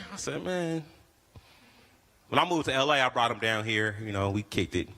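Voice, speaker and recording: A young stand-up comedian from the Bay Area with a bright, forceful voice. He tells stories animatedly and jumps his pitch up to act out his friends' lines. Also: lively intonation, moderate pace, long reverb tail. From Bay Area, California.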